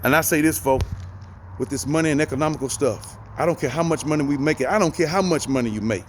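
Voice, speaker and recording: A man's voice: on the high side, fast, slight background noise. A middle-aged man giving folksy, preachy life advice in a casual motivational talk, repeating phrases for emphasis, talking from inside a vehicle.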